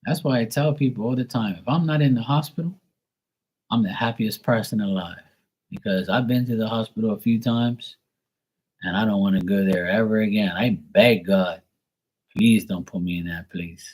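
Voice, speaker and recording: Blunt, rambling middle-aged man, low voice. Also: moderate pace, slightly rough, rough recording. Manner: rambling, blunt and profane, rising into animated rants. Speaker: tarot reader host. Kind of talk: casual livestream chat.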